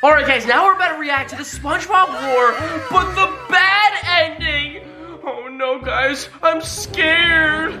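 A woman's voice: sits high, measured pace. A woman hosting a reaction video, gasping, exclaiming and constantly calling out to viewers as guys. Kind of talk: excitable reaction commentary. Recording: roomy sound with music behind. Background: background music.

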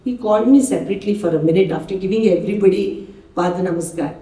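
A woman's voice: mid-range voice, racing, warm tone. An older woman with an Indian English accent giving a personal testimony talk at a devotional gathering, telling stories and acting out dialogue. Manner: storytelling, acting out quoted dialogue. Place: devotional hall. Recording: roomy hall, mic at a distance.

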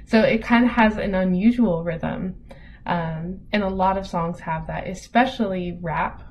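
A woman teaching an online lesson in a relaxed, casual way, with many ums as she reads examples aloud. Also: mid-range voice, measured pace. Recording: dull lo-fi audio with faint noise.

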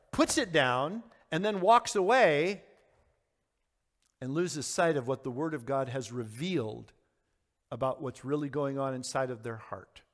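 A man teaching a verse-by-verse Bible study as a pastor, earnest and questioning his audience, sometimes acting out quoted lines. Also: a little high. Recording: long hall reverb.

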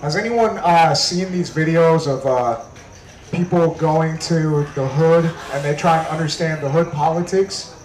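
A man performing a stand-up comedy set on a club stage, telling jokes in a conversational way with deadpan punchlines. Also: on the high side, a little slow, echoey room, slight background noise, poor audio.

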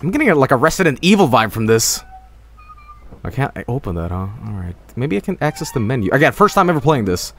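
A man's voice: mid-range voice, sing-song, fast. A young man giving casual live gameplay commentary, rambling and full of fillers. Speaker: streamer.

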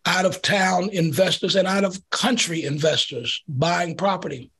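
A middle-aged male pastor in an interview tells a community story with lively energy, acting out the quotes as he goes. His voice is high and husky, and he doesn't hurry.

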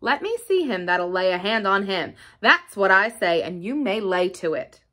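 Long John Silver, a gruff old pirate, read by a woman. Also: mid-range voice, big pitch swings, normal speed, fairly bright tone, pitched below the performer's own voice. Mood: menacing. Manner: menacing, growling drawl. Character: gruff cunning old male pirate cook. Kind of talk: audiobook character reading.

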